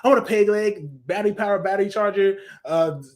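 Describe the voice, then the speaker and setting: A hyper, dim-witted cartoon boy, as a man puts him on, whining and rattling off nonsense in a high, pushed voice. He talks quickly and loudly. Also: natural voice. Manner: rapid, whiny shouting.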